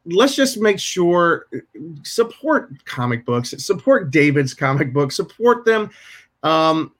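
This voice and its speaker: A man's voice: a little high, big pitch swings, takes it slowly, fairly bright tone. A man hosting a podcast over a video call, chatting casually and telling rambling stories with many restarts. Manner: rambling, self-interrupting storyteller. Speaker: podcast host. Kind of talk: casual chat. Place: home room with shelves.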